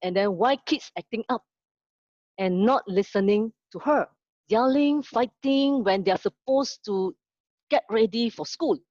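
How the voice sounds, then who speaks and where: A woman teaching an online lesson. She speaks slowly, asks her listeners questions and tells a story. The audio is dull, lo-fi and dry. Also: fairly high pitch, a little mellow, no room sound.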